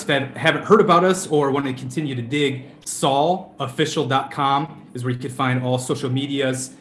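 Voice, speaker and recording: A man's voice: medium pitch, fairly bright tone, roomy sound. A man with a Minnesota accent, a musician guest chatting casually from home, friendly and laid-back, laughing often. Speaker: band member guest. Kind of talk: casual interview chat.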